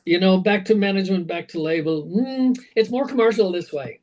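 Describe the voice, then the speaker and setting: A man, a rock singer being interviewed, telling animated anecdotes full of fillers and restarts. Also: high-pitched, brisk, dull audio. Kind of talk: casual interview storytelling.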